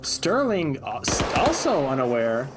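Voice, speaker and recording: A man as co-commentator on a shooter match, adding quick reactive color commentary. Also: medium pitch, wildly swooping pitch, background noise. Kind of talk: live game commentary.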